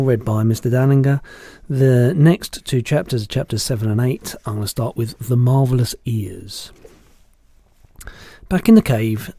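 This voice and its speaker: A man reading a children's book aloud in a steady storytelling manner. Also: medium pitch, no room sound. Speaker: reader.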